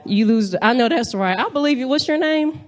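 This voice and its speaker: A woman's voice: high voice, expressive, fairly quick. A young woman from North Carolina, doing a brash, playful stand-up set and talking straight to the crowd from a comedy club stage.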